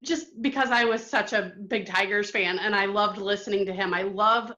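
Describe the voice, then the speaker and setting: A woman from Michigan, calling in to a podcast and telling a story in a casual, excited way, with halting restarts. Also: medium pitch, highs cut off. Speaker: caller sharing a memory.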